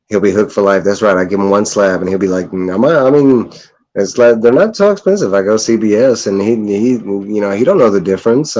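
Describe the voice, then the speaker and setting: A young man chatting loosely about his comic pickups, rambling and profane, laughing often and mimicking others in high voices. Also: darkish tone, low-quality recording. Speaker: comic collector vlogger. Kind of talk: casual chat.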